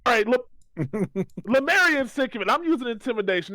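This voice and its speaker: A man playing a tabletop game who speaks in an energetic, excitable way. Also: extremely high pitch, fairly quick. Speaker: player. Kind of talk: casual game chat.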